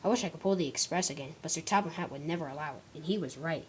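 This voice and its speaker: A woman's voice: low-pitched, racing, slight background noise, close to an everyday voice. A woman voicing a proud male express engine who sounds sheepish and defensive. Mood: humble.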